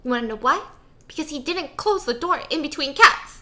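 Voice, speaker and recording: A woman host telling a funny story in a casual, animated and playful way. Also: high voice, a little fast, background noise.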